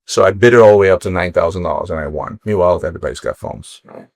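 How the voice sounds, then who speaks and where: A middle-aged man from Ukraine, a watch dealer, telling stories in casual chat, animated and swearing freely. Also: sits low, rapid-fire, gravelly, dry recording, studio quality. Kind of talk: casual storytelling.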